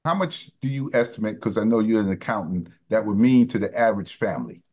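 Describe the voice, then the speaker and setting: A man's voice: lowish voice, animated, fast, a little mellow. A man, a union president hosting a radio interview, asking leading questions in a conversational way. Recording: dull lo-fi radio sound.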